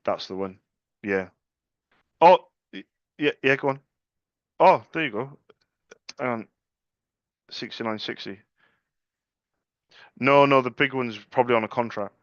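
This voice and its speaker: A man's voice: medium pitch, measured pace, pauses often, dry recording. A young man in an office, bantering cheekily with phone sales contacts and laughing at his own jokes. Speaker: salesperson cold calling. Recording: dry, dull lo-fi sound.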